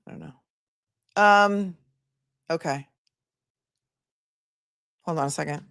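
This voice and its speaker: A woman attorney hosting a casual livestream, chatting and reading out viewer comments with quick asides. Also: low voice, gravelly, a bit bright, clear, resonant tone, dry recording, studio quality. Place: home in a remote area.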